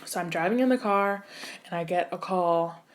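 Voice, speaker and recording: A young woman, an actor and singer, telling an animated story in a casual interview, full of "like" and "you know". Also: fairly low pitch, moderate pace, slight background noise.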